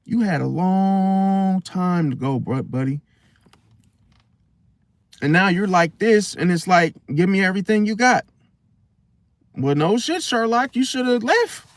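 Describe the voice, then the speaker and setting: Slangy, animated man with a dry close sound. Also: high-pitched, slow, no room sound. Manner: animated, slangy, acts out inner voices. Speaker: astrology channel host. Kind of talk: casual spoken monologue.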